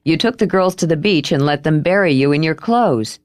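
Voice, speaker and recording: A woman voicing a wry, teasing young man in an audiobook, with her voice lowered and a dry, amused delivery. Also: lively intonation, brisk, a little mellow, no room sound.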